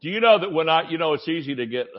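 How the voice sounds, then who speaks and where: A man's voice: a little high, animated, very fast. Folksy older male pastor preaching. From Georgia, USA. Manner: folksy storytelling with many fillers. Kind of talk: sermon. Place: church service. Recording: slightly dull recording.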